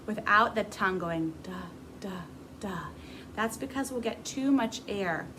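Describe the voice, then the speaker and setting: A woman's voice: medium pitch, sharp tone, slight background noise, rough recording. A grown woman teaching a beginner music class to camera, patient and encouraging as she demonstrates. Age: adult.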